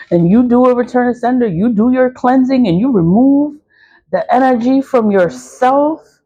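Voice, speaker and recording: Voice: medium pitch, warm tone, slightly rough, highs cut off. A speaker in their forties talking casually about spiritual cleansing, with a mid-range voice that sits between typical male and female registers. They sound blunt and preachy, come back to the same points again and again, and swear without holding back. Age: 40s. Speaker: spiritual practitioner selling cleansing products.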